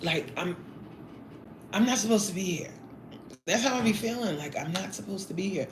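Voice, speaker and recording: A woman's voice: medium pitch, animated, moderate pace. Woman, 40s, live-streamer; playful, chatty, talks while eating; roomy echo, faint hiss. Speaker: livestreamer reading chat. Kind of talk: casual live-stream chat.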